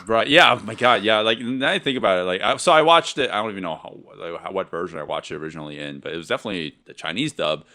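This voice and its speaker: A man's voice: on the low side, fast, hardly any pauses, pushed and bright. A man co-hosting a podcast, rambling and sarcastic in a casual film discussion, laughing often. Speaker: podcast co-host. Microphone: podcast mic.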